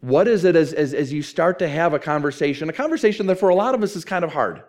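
Pastor, male, middle-aged, fairly high voice, talks to the congregation in a relaxed way and leans on emphasis. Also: fast. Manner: conversational preaching with emphatic repeated phrasing. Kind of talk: sermon.

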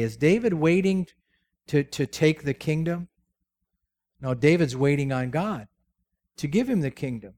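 A man's voice: a little high, animated, unhurried, pauses often, warm tone. A man preaching a sermon, telling the story with jokes and rhetorical questions. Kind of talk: sermon with humorous asides.

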